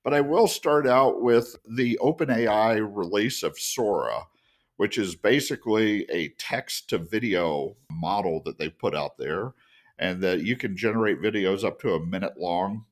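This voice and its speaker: This is a man co-hosting a podcast in relaxed conversation, with a deep voice. He explains things earnestly and lets his phrases drop lower as he finishes them. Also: unhurried. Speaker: podcast co-host. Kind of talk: casual podcast discussion.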